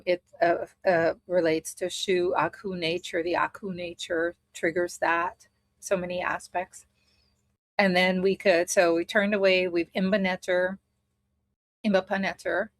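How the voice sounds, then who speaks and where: A woman's voice: fairly low pitch, dry recording. A woman teaching a spiritual study group in a casual way, thinking aloud as she explains a method step by step.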